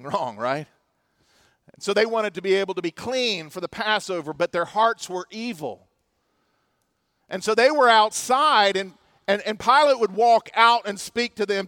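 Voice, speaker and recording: A pastor with a very high voice gives an impassioned sermon, swinging dramatically from a hush up to loud emphasis. The sound is dry and close, with no room echo.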